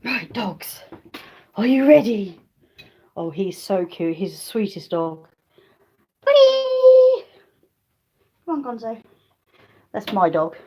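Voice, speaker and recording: Her voice is fairly low, husky, and dark in tone, expressive and a little slow. She's a vlogger chatting casually on a phone live stream from the living room of a rented house, frequently sidetracked as she talks to viewers and calls her dogs. The phone is handheld first, then on a stand.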